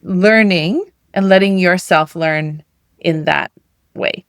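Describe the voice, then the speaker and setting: A woman's voice: fairly low pitch, takes it slowly, clear, resonant tone, no echo, studio quality. A middle-aged woman coach giving a motivational talk in a conversational way, full of rhetorical questions. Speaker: weight loss coach.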